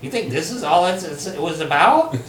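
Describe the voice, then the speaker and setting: Animated older man, echoey room. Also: fairly high pitch, fairly quick, distant mic. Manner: animated, profane, laughs often. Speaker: poet and teacher. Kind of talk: casual conversation. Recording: echoey room, off-mic, faint noise.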